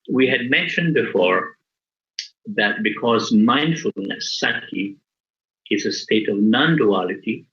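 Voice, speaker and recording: A middle-aged man, a Buddhist monk, giving a dharma talk in a measured, deliberate way with pauses. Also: lowish voice, pushed and bright. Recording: dull lo-fi recording.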